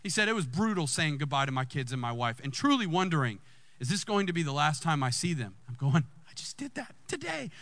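A man, a lead pastor telling a personal story in a sermon and jumping high in pitch when excited. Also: quick pace, no echo.

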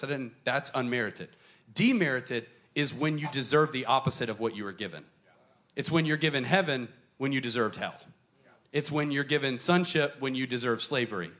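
A man preaching a sermon to a church congregation, emphatic and dramatic, switching between quick runs and slow, stressed phrases. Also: medium pitch, pushed and bright. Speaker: pastor.

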